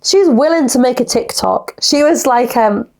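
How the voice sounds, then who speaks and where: A woman's voice: sits high, lively intonation, moderate pace, darkish tone. A young woman, hosting a casual solo podcast in a rambling, chatty way full of "like". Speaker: podcast host.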